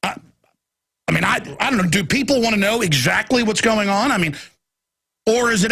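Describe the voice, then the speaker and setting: A man's voice: high voice, animated, brisk, pauses often, pushed and bright, husky. A man hosting a talk radio show, delivering an impassioned monologue with an intense, ranting manner, repeating phrases and stammering into restarts.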